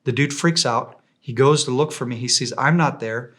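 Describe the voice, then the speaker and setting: Guy on a podcast telling a story, lots of restarts, average pitch. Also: moderate pace. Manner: animated, many restarts and repeated words. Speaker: podcast guest. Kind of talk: conversational war storytelling.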